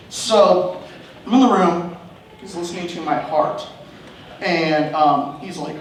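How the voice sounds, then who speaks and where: High-voiced young man telling stand-up stories in an echoey room. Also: moderate pace. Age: young adult. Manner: rambling, self-deprecating, laughing at own jokes. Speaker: stand-up comedian. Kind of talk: open mic stand-up storytelling. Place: comedy club stage. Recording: echoey room from far off, faint noise.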